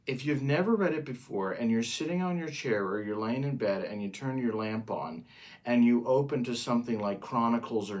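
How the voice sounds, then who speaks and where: A man co-hosting a podcast as a pastor, talking in a casual, earnest way and slowing down to stress his points. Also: mid-range voice. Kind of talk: casual chat.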